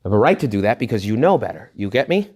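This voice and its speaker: A man, a Catholic priest, giving a retreat talk to young adults in a blunt, jokey, animated way. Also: on the low side, rapid-fire, husky. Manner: animated, jokey, acts out quoted voices; blunt and emphatic.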